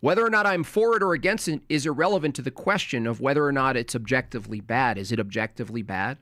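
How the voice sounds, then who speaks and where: An American man giving sarcastic, argumentative commentary on a debate clip, speaking in rapid bursts. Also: mid-range voice, lively intonation, a bit bright, no room sound. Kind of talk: casual commentary.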